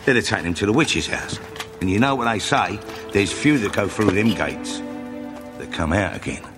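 A chatty beaver. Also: male voice, on the low side, lively intonation. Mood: earnest. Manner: brisk, folksy, teasing. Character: chatty excitable male beaver. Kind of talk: film dialogue. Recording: reverberant film clip with music.

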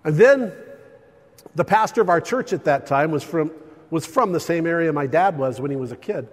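An older man preaching a sermon, his fairly high voice rising and falling with animated storytelling. He swings from loud bursts to hushed asides, and a long reverb trails through the church hall. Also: normal speed.

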